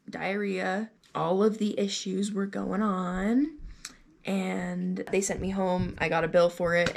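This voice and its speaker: Young woman vlogger, lower voice with a gravelly edge, candid, chatty delivery. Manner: candid, conversational, with fillers. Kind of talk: personal storytelling vlog.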